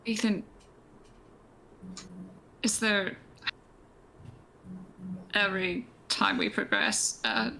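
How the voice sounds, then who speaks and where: A woman player in a live tabletop game, her voice bright with a gravelly edge. She asks hesitant questions, and a faint hiss sits under the sound. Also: mid-range voice, very animated, very slow, long pauses, poor audio. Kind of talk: tabletop role-play chat.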